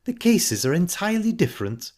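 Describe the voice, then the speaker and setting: A man's voice: high-pitched, very animated, brisk, a little mellow, voice pushed up. A man voicing a shallow, easily offended widowed stepmother who talks in a prim, indignant way. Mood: huffy, prim.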